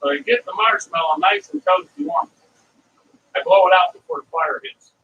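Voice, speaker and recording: A man's voice: extremely high pitch, wildly swooping pitch, moderate pace, vocal fry, phone-quality sound. Chatty middle-aged man cooking, heard from a distance. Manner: rambling, chatty, wandering off into stories. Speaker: cooking vlog host. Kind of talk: casual cooking demonstration, talking to viewers. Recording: distant mic with faint ambient noise.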